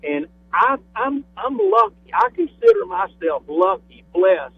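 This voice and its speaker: A man's voice: high-pitched, huge pitch swings, unhurried, husky, no echo. A man in his fifties with a Southern US accent, a guest on a radio show, talking with enthusiasm and often repeating his first words. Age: 50s. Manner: enthusiastic, repeats words when starting sentences. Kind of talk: casual phone chat. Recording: tinny phone line.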